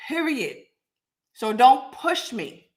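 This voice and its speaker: A raspy-voiced woman hosts a live podcast while getting over a cold. She talks bluntly and confrontationally, calling out commenters by name. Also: sits high, big pitch swings, takes it slowly, darkish tone. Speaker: podcast host. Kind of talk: live-stream talk to commenters.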